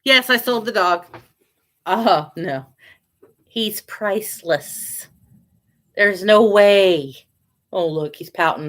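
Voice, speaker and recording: Unhurried chatty woman on a live stream. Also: mid-range voice. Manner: chatty, baby-talks to her pets. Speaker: online seller. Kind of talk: casual live-stream chat.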